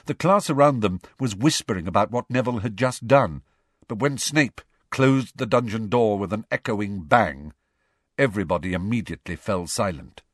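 A man reading a novel aloud in steady, measured narration. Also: lowish voice, dry recording, clean studio sound. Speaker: audiobook reader. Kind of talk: scripted narration.

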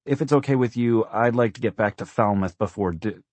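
A man's voice: on the low side, brisk, a little mellow, dry recording, voice pushed up, close to an everyday voice. A man voicing a tired, dry-humored father driving his family, speaking in a mock-stern, joking way. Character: weary dad driving, dry and wry.

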